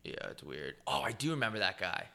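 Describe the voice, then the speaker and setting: A man's voice: on the low side, very animated, brisk, vocal fry, pushed and bright. A young man co-hosting a podcast, telling stories in a laid-back, profane way and mimicking other people's voices. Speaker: podcast co-host. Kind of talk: casual chat.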